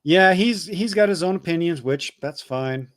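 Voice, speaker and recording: A man's voice: a little high, animated, normal speed, fairly bright tone, no room sound, studio quality. A man co-hosting a casual livestream, reading chat messages aloud with loose jokes and stumbling repeats.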